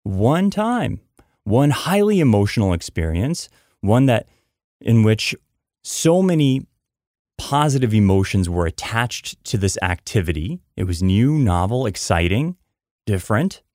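Here the man's voice is on the low side and sing-song, unhurried and darkish in tone. Hosting his podcast, he chats his way through a story, repeating words for emphasis and sprinkling in "I mean" and "you know." The recording is studio quality without echo.

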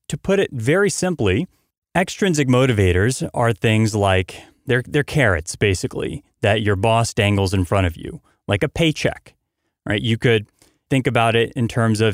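A man's voice: medium pitch, no room sound, studio quality. A man hosting a motivational podcast, talking energetically and emphatically, hammering points through repetition. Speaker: podcast host.

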